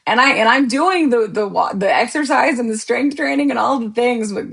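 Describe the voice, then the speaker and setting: A woman's voice: fairly high pitch, normal speed, vocal fry, breathy edge. A woman podcast host chatting casually with viewers on a live stream, joking and laughing often. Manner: animated, laughs often, jokey asides.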